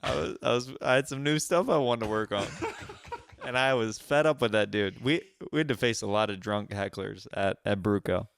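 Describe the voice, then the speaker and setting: A man's voice: lowish voice, moderate pace, creaky, fairly bright tone, no echo. A man hosting a comedy podcast, telling stories about himself in a rambling way with many restarts. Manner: rambling, restarts, self-deprecating. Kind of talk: casual podcast chat.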